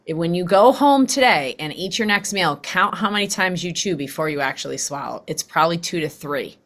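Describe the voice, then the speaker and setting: Woman host, middle-aged, a little low-pitched, animated chat that dips into playful quoted voices. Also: a little fast. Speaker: podcast host. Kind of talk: casual conversational interview.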